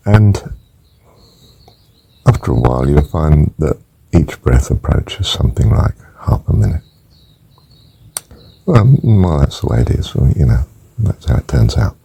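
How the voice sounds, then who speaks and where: An older man teaching a guided breathing meditation, counting breaths gently and softly, sometimes near a whisper. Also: a bass voice, poor audio. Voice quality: gravelly, husky voice. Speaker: spiritual teacher.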